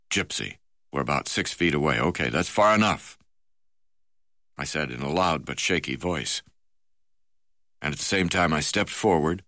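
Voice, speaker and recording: A man reading a first-person wildlife memoir aloud in a measured way, with occasional hesitations. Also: deep voice, fairly bright tone, no room sound, studio quality. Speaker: reader.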